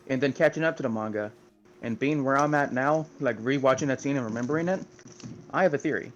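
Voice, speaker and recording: A man's voice: medium pitch, a little fast, fairly bright tone, dull audio, faint music behind. A man co-hosting an anime podcast, chatting casually and rambling through a recap with many fillers. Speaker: podcast co-host. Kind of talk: casual chat.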